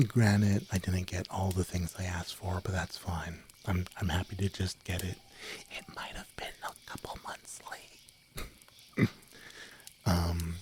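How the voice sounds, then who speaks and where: A young man streaming late at night, chatting softly in a rambling, giggly way that often drops into a whisper. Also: sits low, a little hiss or hum. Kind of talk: soft-spoken late-night stream chat. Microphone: desk microphone, no windscreen.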